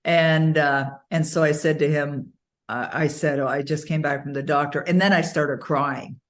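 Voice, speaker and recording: Low-voiced woman telling a story. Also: normal speed. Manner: animated storytelling, frequent laughs. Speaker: interview guest. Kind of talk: casual interview conversation.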